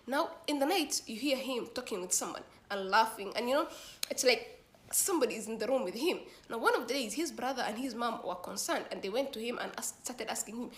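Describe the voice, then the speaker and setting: A woman's voice: fairly high pitch, fairly quick, slight background noise. A woman telling a story in a casual, slangy way, acting out the dialogue as she goes. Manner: slangy, animated retelling with quoted dialogue.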